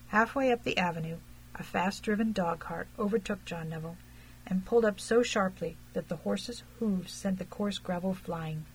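A woman narrating an audiobook in a measured, even reading. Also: mid-range voice, breathy edge, low-quality recording.

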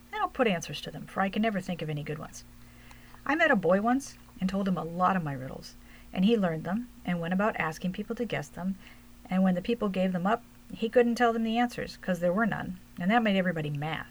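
A woman's voice: fairly low pitch, slight background noise, low-quality recording. A woman voicing a cocky, chatty young male gnome in a storybook reading, rambling eagerly.

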